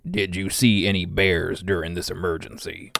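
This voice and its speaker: A man's voice: deep voice, level tone, moderate pace, gravelly, a bit bright, slight background noise. A man voice actor reading lines and goofing off in bloopers.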